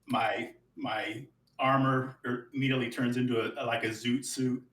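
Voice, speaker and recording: A man's voice: medium pitch, fairly even intonation, moderate pace, fairly bright tone. A man playing a tabletop game who casually narrates what his character does. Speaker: player. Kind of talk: tabletop role-play. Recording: roomy, distant mic with faint noise.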